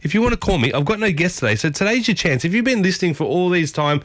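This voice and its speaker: Upbeat Australian morning radio host. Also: male voice, fast, no room sound. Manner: chatty, upbeat, excitable with sudden high bursts. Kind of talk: solo morning radio chat. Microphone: studio microphone.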